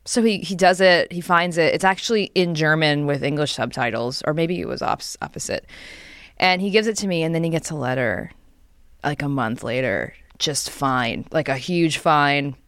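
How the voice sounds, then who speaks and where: A young woman co-hosting a podcast, chatting casually and telling animated stories, acting out quotes with quick laughs. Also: sits low, no room sound, studio quality. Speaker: podcast co-host. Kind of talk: casual chat.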